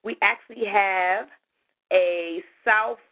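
A woman's voice: medium pitch, slow. Tinny phone-line woman hosting radio. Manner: lively, chatty, thanking callers warmly. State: losing her voice a little. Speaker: radio show host. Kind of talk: call-in radio talk.

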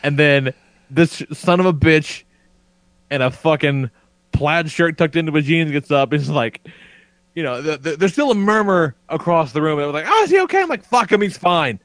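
A man's voice: on the high side, moderate pace, no room sound. A man co-hosting a podcast, telling a story with profanity and frequent laughter. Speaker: podcast co-host. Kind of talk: animated storytelling.

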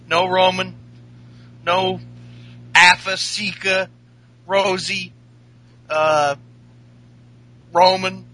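A man's voice: high-pitched, pushed and bright, low-quality recording. A man hosting a casual podcast chat, rambling and swearing as he recaps a show. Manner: rambling, profane, laughing. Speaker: podcast host.

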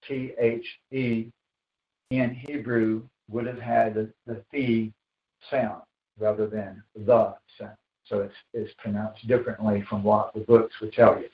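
A man preaching a sermon as pastor, slow and emphatic, repeating phrases for weight. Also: fairly low pitch, level tone. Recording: echoey, dull sound from far off the mic.

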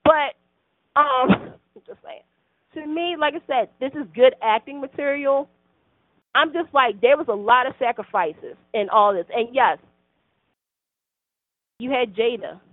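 A woman's voice: high voice, a little slow, long pauses, dry recording. A woman in a casual soap opera chat, talking in an earnest, rambling way. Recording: tinny phone-like line, dry.

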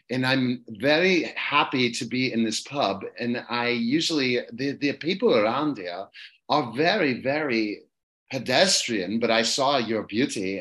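A man voicing a boastful British duke asking a woman out in a pub, with a put-on British accent and a halting delivery. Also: mid-range voice, a bit bright.

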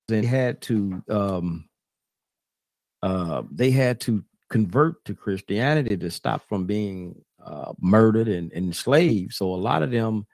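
A man's voice: fairly low pitch, darkish tone, dry recording. A man hosting a talk radio show, preaching loosely to listeners as his brothers and sisters and often restarting his phrases.

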